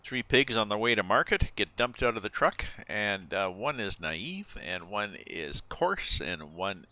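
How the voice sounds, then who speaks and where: Deep-voiced man rambling while he plays. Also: very animated, unhurried, bright, forceful tone. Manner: rambling, thinking aloud. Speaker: game streamer. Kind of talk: casual gameplay chat.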